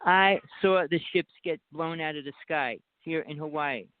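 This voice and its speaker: A man's voice: fairly high pitch, normal speed, dry recording. A man with a New Jersey accent, calling in to a talk show and talking at length in an insistent, rambling way, pushing on over interruptions. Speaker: guest caller. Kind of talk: casual talk show chat. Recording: dry tinny phone line.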